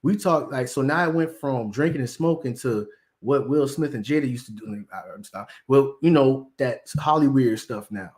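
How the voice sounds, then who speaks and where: A man at an ordinary middle pitch talks through celebrity gossip in loose, slangy commentary. He rambles, restarts and acts out what others said. The tone stays casual and conversational. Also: moderate pace, darkish tone. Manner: slangy, rambling storyteller who acts out quotes. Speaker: commentary host.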